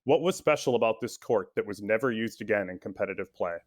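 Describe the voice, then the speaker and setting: A man's voice: lowish voice, fast talker. A man from the Minneapolis area hosting a trivia podcast game, easygoing and careful reading questions. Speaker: guest quiz host.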